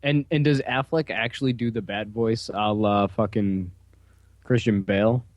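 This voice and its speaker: A man's voice: on the low side, steady tone, moderate pace, no echo, dull audio. A man co-hosting a casual podcast, reacting with wry, crude comments and questions. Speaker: podcast co-host.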